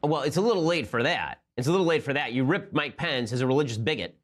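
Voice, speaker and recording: Speaking quickly and expressively at a medium pitch, a male political commentator hosts his show with a fast, combative, and sarcastic opinion monologue.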